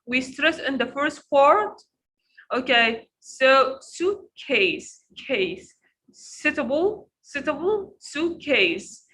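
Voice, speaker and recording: A woman with a high, bright voice teaches pronunciation in an online lesson, speaking slowly and repeating each word over and over for learners to copy. She is very animated, and the recording is rough.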